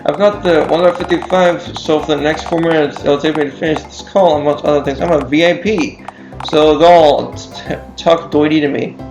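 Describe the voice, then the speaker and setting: A man's voice: a little high, fairly even intonation, normal speed, natural voice. A man puts on a crude, leering mugger with a drawling street voice. He is brash and sleazy. The sound is roomy and echoey, and game music plays behind him.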